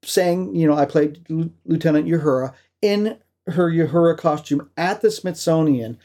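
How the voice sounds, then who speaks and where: A man co-hosting a podcast, telling stories in a lively way with frequent laughs and restarts. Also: a little high, moderate pace. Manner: animated storyteller, laughs often, restarts. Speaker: podcast co-host. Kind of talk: casual chat.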